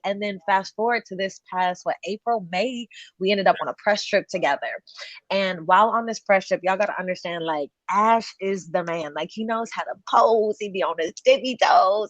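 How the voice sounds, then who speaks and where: A woman's voice: medium pitch, moderate pace, no room sound, muffled recording. A woman hosting an online session, talking casually with lots of fillers and laughter. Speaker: session host. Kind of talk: casual webinar introduction.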